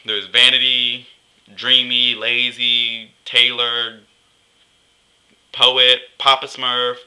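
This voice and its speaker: A man's voice: medium pitch, bright, forceful tone, low-quality recording. A young man vlogging in a chatty, gossipy way, acting out what others said. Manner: chatty, gossipy, acts out quotes. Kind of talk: casual vlog rant.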